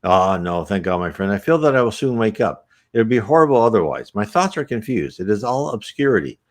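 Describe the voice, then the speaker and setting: A man's voice: lowish voice, very animated, a little fast. A man reading aloud as the confused spirit of a newly dead man, bewildered and pleading.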